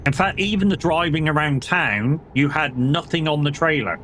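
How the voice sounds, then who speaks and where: A man's voice: on the high side, normal speed, fairly bright tone, a little hiss or hum. A young British man streaming a driving game, chatting casually and swearing through rambling stories about old jobs. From United Kingdom. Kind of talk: casual chat while gaming.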